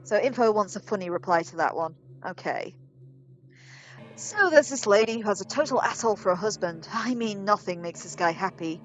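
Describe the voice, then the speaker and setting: A woman who plays games for let's play videos reads the game's emails and jokes aloud, putting on silly voices and dropping casual, wry remarks. Her voice sits at a medium pitch, expressive and moderately paced, though the audio quality is poor.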